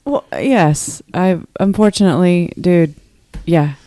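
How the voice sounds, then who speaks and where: Low-voiced lady on a podcast, blunt, sassy, swears casually. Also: takes it slowly, dark tone, no echo. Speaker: podcast co-host.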